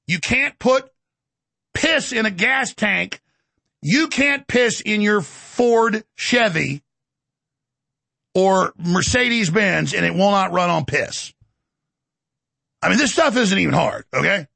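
A man hosting a talk show, ranting sarcastically with shouted bursts. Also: sits high, lively intonation, slow pace, vocal fry, long pauses, no echo. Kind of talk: ranting monologue.

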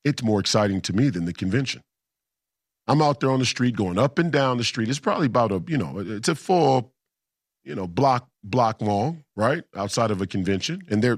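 A man's voice: medium pitch, big pitch swings, normal speed, no echo, studio quality. A man in a casual storytelling monologue, emphatic and combative, repeating himself for effect. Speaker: political commentator.

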